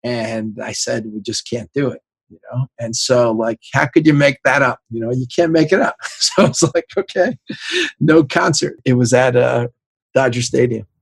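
A sports executive in his sixties, with a gravelly, husky mid-range voice, tells animated anecdotes at a moderate pace during a casual storytelling interview. He acts out the voices of the people he quotes and laughs often. The recording is close and dry, with no room sound.

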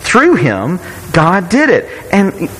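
A man's voice: high-pitched, huge pitch swings, takes it slowly, fairly bright tone, big-room sound, poor audio. A man preaching a sermon in a conversational way, often repeating words and asking rhetorical questions. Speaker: pastor.

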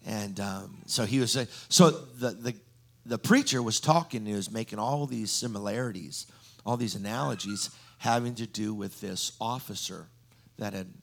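A man's voice: fairly low pitch, normal speed, vocal fry. A man preaching a sermon, telling stories with frequent ums and restarts. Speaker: guest preacher.

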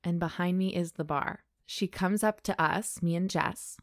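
A woman's voice: lowish voice, fairly even intonation, no room sound, clean studio sound. A young woman co-hosting a podcast, chatting casually in a playful, teasing way. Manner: playful, teasing, quick laughs. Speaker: podcast co-host. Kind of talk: casual chat.

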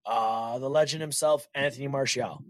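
A man's voice: medium pitch, normal speed, no room sound. A man co-hosting a casual football chat, blunt and joking in manner. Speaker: podcast co-host.

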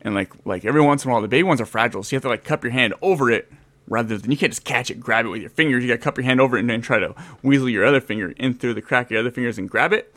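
A man in his thirties from California talks in a loose, casual way. He tells stories with energy and acts out his own past lines. His pitch sits in the middle for a man. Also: very fast, a bit bright, no echo. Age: 30s. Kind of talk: casual chat.

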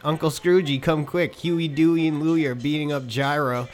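Casting: a tattling young girl duck, put on by a man reading aloud, high and pushy. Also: steady tone, normal speed, lightly acted. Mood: urgent.

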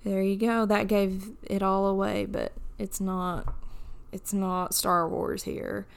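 Slow, smooth-voiced young woman podcaster. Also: mid-range voice, level tone. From United States. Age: 20s. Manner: chatty, jokey, wandering tangents. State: groggy morning voice. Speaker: podcast host. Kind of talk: casual solo podcast chat.

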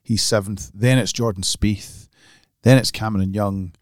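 A man co-hosting a golf podcast, talking casually and excitedly, restarting and repeating words as he goes. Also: fairly low pitch, normal speed, dry recording. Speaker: podcast co-host.

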